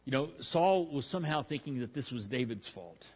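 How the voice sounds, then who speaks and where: A man's voice: mid-range voice, expressive, fairly quick, husky. A man preaching verse by verse through a Bible passage, talking conversationally with frequent restarts and fillers.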